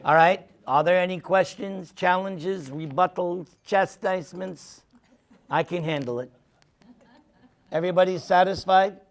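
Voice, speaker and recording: A man's voice: high-pitched, a little slow. A man telling humorous stories to an audience and taking their questions in a casual talk. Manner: humorous, animated storytelling. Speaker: speaker answering questions.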